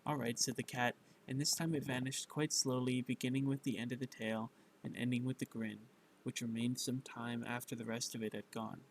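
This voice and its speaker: Gravelly man reading a bedtime story. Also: medium pitch, steady tone, moderate pace, slight background noise, poor audio. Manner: stumbling, self-correcting read-aloud with fillers.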